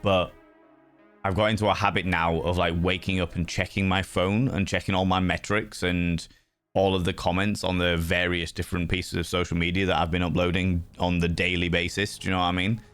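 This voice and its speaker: A man hosting a livestream, chatting to viewers in a playful, effusive way, with sudden jumps in pitch and some swearing. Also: flat delivery, brisk, fairly bright tone, clear, resonant tone. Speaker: livestream host. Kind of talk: casual chat reading viewer messages. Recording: faint music behind.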